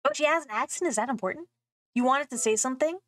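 A woman's voice: high-pitched, quick pace, a bit bright. Chatty young woman streaming a game. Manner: playful, chatty, thinks aloud. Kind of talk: game playthrough commentary.

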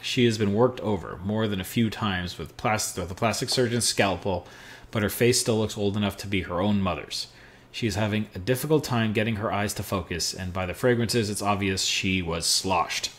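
A man hosting a podcast, playing an adventure game, muttering to himself, reading on-screen text aloud and making dry, amused asides. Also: mid-range voice. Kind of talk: casual let's-play commentary and reading game text aloud.

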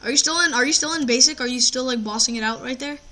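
A man's voice: very high-pitched, quick pace, pushed and bright, slight background noise. A teenage boy chatting casually while playing a game, teasing his friend and bragging with lots of stumbling restarts. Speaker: Minecraft player. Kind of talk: casual gameplay chat.

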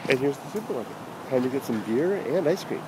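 A man's voice: medium pitch, lively intonation, fast, noisy background. Rambling middle-aged man telling a story outdoors. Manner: rambling and chatty, with many fillers and self-corrections. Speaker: vlogger. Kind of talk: casual storytelling vlog. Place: outdoors on a town street, walking.

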